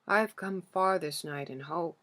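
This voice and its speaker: A woman reading the part of an aged, grieving king, speaking slowly and humbly with a foreign accent. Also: fairly low pitch, fairly bright tone, natural voice. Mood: pleading. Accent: foreign-accented speech as the figure. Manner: slow, careful pleading speech. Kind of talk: audiobook character reading.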